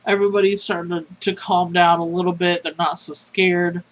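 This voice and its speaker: A sleepy player recaps a tabletop horror game in a loose, rambling way, full of halts and fillers. The voice sits at a middle pitch. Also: flat delivery, poor audio. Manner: rambling, halting, filler-heavy.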